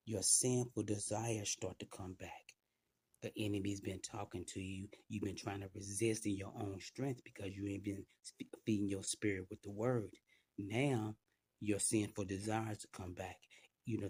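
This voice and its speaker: A man with a low, dark voice preaches informally, talking straight to the listener with frequent asides. His tone is husky and relaxed, in a dry, close recording with no room sound. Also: no echo.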